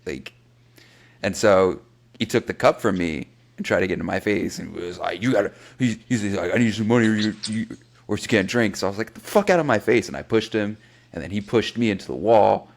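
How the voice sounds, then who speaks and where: A man from South Florida, a podcast co-host, telling a profane, animated story and acting out what people said. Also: on the low side, a little fast, creaky. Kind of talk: casual chat.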